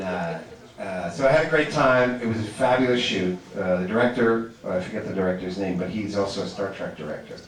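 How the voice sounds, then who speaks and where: A man answering fan questions as a guest actor at a convention, chatty, stammering through restarts and laughing easily. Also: on the low side. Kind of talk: casual convention Q&A. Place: large convention hall stage. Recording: echoey hall, far from the mic, noisy.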